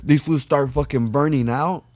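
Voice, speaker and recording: A man's voice: a little high, steady tone, normal speed, darkish tone, no room sound. A man telling a story on a podcast in a slangy, profane way. He keeps calling his listener "fool.". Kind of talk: casual chat, storytelling.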